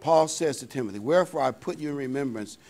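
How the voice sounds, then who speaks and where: An older man preaching a sermon in a folksy, conversational way, reading scripture aloud and pausing to find verses. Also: medium pitch, lively intonation, a little mellow. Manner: pauses often with fillers to find verses. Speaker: pastor.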